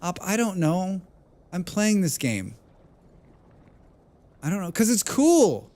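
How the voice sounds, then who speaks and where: A man's voice: high voice, big pitch swings, takes it slowly, warm tone. A man streaming a game, thinking aloud and chatting casually with viewers, swearing freely. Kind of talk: casual gameplay livestream chat.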